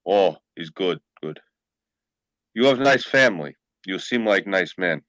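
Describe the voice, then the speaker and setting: A man playing a huge mob guard who speaks broken English in a low, hushed voice. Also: animated, measured pace, no room sound, highs cut off. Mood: hushed, menacing. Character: huge menacing-friendly male Russian mob guard.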